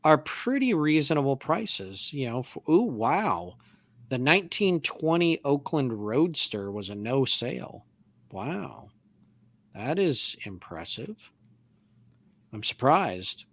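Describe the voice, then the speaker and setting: A man's voice: medium pitch, very animated, slow pace, fairly bright tone, no echo. A man co-hosting a podcast, chatting casually and thinking aloud as he reads through classic car auction results. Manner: knowledgeable about classic cars. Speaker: podcast co-host. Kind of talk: casual chat.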